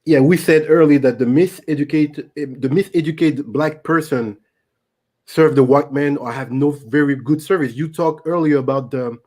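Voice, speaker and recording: A man's voice: fairly high pitch, normal speed, darkish tone. A man with a French accent, a native French speaker, hosting a live stream in a casual way and reading viewer comments aloud. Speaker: host.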